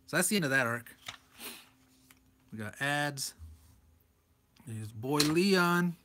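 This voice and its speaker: A man's voice: on the high side, lively intonation, takes it slowly, long pauses, pushed and bright. A man reviewing a comic book page by page in a loose, rambling way, chuckling often as he talks. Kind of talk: casual comic commentary.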